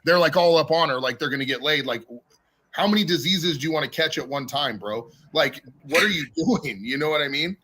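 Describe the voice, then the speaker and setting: Man, guest on a podcast, higher voice, bright forceful tone, profane storytelling, laughs a lot. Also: a little fast.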